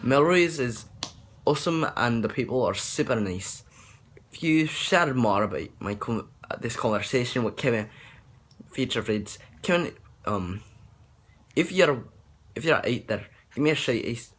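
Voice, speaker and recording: A man's voice: mid-range voice, expressive, a little slow, a bit bright, husky. A young man talking casually about accents, rambling and hesitant with many fillers and restarts. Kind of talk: casual accent tutorial vlog.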